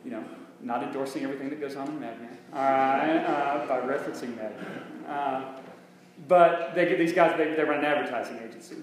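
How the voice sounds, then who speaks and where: In a church sanctuary, a man with a mid-range voice and a fairly quick delivery preaches a conversational sermon. He often restarts his sentences and asks rhetorical questions, while the recording carries heavy echo and a faint hum.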